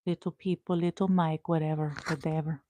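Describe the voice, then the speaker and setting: A young woman hosting a casual home livestream, chatting playfully and drifting into soft murmurs, recorded on a small clip-on mic. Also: low voice, level tone, fairly quick, slight background noise. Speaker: host.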